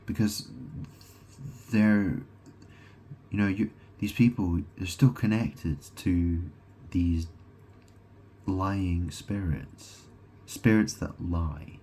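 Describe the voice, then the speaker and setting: A man with a very low, deep voice delivers a rambling, profane monologue, repeating himself and restarting his sentences. He keeps throwing rhetorical questions at the listener. Faint noise sits under the voice. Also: fairly even intonation, extremely slow, dark tone. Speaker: self-proclaimed god vlogger.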